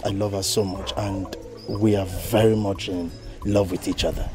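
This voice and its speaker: Actor doing a deferential young suitor, lowish voice, music playing. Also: male voice, level tone, moderate pace, close to an everyday voice. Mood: grateful. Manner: polite, deferential. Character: polite young suitor asking for a bride. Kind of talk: film drama acting.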